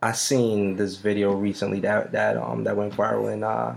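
A man co-hosting a casual podcast, telling a story slowly with many ums. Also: fairly low pitch, little pitch movement, vocal fry. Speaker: podcast co-host. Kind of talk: casual chat.

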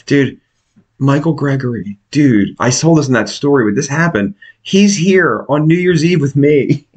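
A man co-hosting a podcast in casual, profane chat, animated and quick to mimic other people's voices. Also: medium pitch. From United States. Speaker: podcast co-host.

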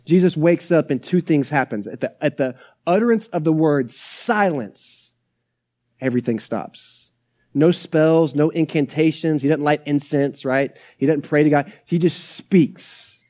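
A man's voice: on the high side, measured pace, dark tone. A young adult man, a pastor preaching a conversational sermon with acted-out quotes and asides. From Texas. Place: church sanctuary.

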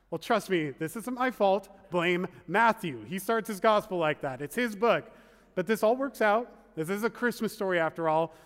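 A man's voice: high voice, animated, normal speed, fairly bright tone. A man preaching a sermon as pastor in a conversational, wry way, full of asides. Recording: long reverb of a large hall.

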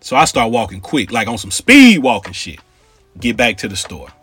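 A man from Cincinnati telling a casual story in street slang, with animated asides to his listeners. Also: mid-range voice, moderate pace, husky, faint music behind.

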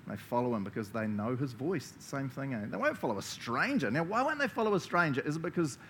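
A man's voice: medium pitch, sing-song, fast, a bit bright, a little hiss or hum. Enthusiastic New Zealand pastor, man. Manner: enthusiastic, chatty, laughs often. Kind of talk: conversational sermon.

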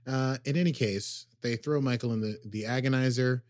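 A man's voice: medium pitch, normal speed, darkish tone, no room sound, clean studio sound. Rambling man recapping an episode. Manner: rambling, filler-heavy summarizing with acted quotes. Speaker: podcast co-host. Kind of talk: casual recap chat.

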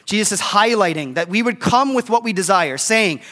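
A man's voice: sits high, expressive, normal speed, sharp tone, long reverb tail. A middle-aged man preaching a casual, conversational sermon as a pastor, often checking in with "right?". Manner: conversational, keeps asking "right?".

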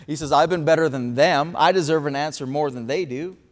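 High-voiced man preaching in a hall. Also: a little fast. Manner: lively storytelling, acting out quotes. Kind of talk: sermon. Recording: reverberant hall.

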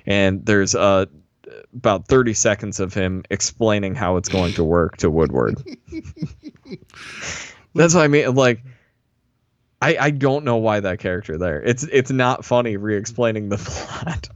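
A man recapping an episode in casual chat, relaxed and laughing often, mildly critical. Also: lowish voice, measured pace, long pauses, no room sound, lo-fi sound. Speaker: podcast co-host recapping an episode.

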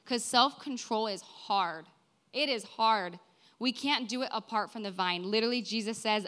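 A young woman in her twenties gives a sermon in a church, her tone bright and forward. She talks earnestly and conversationally, often tossing in "right?" and "like" as she speaks to the congregation. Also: fairly high pitch, normal speed. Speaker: preacher.

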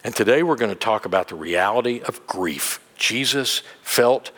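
A middle-aged male pastor giving a candid, conversational sermon, telling a personal story. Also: normal speed. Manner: candid storytelling, animated rises in pitch. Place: church sanctuary. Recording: long church reverb.

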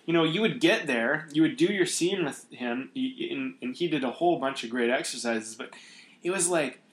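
A man's voice: medium pitch, brisk, roomy sound. A man hosting a podcast, talking casually and reflectively with many restarts. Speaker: podcast host. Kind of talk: casual conversation.

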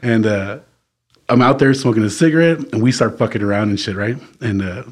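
A man co-hosting a podcast, telling a wild story in a casual, profane, animated way and often tagging lines with "right?". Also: fairly low pitch, brisk. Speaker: podcast co-host; former band vocalist.

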